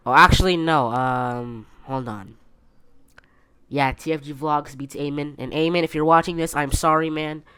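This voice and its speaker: A man's voice: on the high side, fairly bright tone, smooth, no room sound, clean studio sound. A man hosting a casual solo podcast from his bedroom, rambling with many fillers and restarts. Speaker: podcast host.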